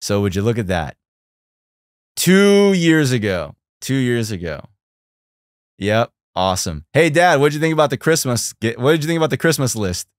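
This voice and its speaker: A young man hosting a casual livestream, chatty and animated, talking to his viewers. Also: mid-range voice, fast, hardly any pauses, dry recording, studio quality. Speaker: livestream host.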